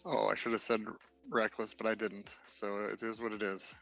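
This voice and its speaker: A man's voice: lowish voice, flat delivery, normal speed, vocal fry, a bit bright, soft background music, rough recording. A man in a casual, joking way, playing his character in a tabletop game with friends. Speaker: player.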